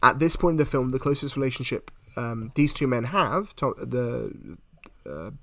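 A man's voice: medium pitch, animated, normal speed, gravelly, a bit bright, no room sound. A man in a casual film discussion, retelling the plot at length with many restarts and fillers.

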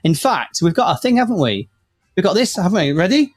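A man hosts a casual live chat show and rambles freely, full of fillers and false starts. His voice sits a little high. Faint music plays under the talk. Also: very animated, brisk. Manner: rambling, chatty, lots of fillers and restarts.

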